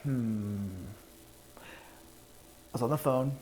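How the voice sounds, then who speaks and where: A man's voice: very slow, darkish tone, slight background noise, low-quality recording. A man telling rambling jokes to his stream camera from a home setup, laughing at his own punchlines. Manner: rambling, laughs at own jokes, puts on squeaky voices for callers. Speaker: comedian streamer. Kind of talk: casual stand-up rambling to camera.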